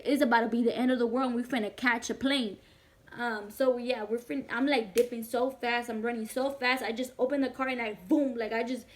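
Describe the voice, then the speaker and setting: A young woman, telling a personal story in a casual vlog, talking fast and animated, with lots of "like" and swearing. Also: on the high side. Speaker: vlogger.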